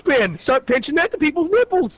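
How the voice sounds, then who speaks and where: High-voiced man swearing through a wild story. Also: fast talker, no echo. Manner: profane, laughing, animated anecdote telling. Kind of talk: casual storytelling chat. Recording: tinny phone-like audio.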